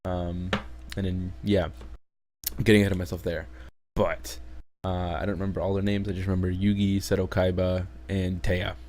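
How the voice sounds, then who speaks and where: Deep-voiced male host, loose profane rambling review chat. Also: level tone, moderate pace, darkish tone, slight background noise. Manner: rambling, swears heavily, laughs in disbelief. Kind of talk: casual chat.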